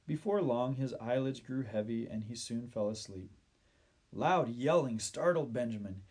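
A man reading a children's Bible story aloud, gentle and measured, slowing down at sad moments. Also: mid-range voice, breathy edge.

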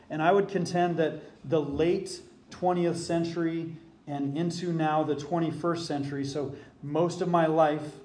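Middle-aged male pastor, slightly high voice, emphatic sermon delivery, roomy echo. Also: darkish tone, a little hiss or hum. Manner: emphatic preaching, rising for scripture quotes.

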